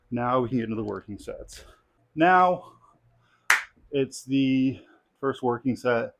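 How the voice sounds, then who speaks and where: A young strength athlete vlogs his training in his home garage gym, speaking relaxed and rambling with many fillers, tired and out of breath between sets. His mid-range voice moves slowly with vocal fry and long pauses, picked up on a clip-on mic amid heavy background noise.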